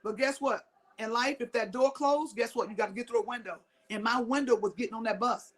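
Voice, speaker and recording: Fairly high-pitched and fairly quick, this motivational speaker is a middle-aged Mississippi woman. She delivers her talk emphatically, repeating key lines and tossing questions out to the crowd.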